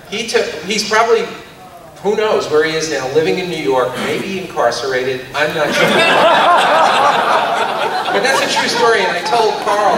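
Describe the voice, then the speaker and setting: Man telling stories at a convention panel in a booming hall. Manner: animated, laughing anecdotes. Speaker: voice actor panelist. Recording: echoey hall from far off, faint noise.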